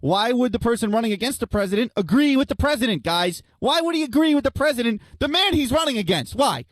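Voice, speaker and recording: High-voiced young man ranting on radio. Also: animated, fast, no room sound. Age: young adult. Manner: blunt, profane, ranting, addresses listeners as guys and folks. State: out of breath. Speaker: radio show host reading listener messages. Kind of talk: opinionated talk radio rant.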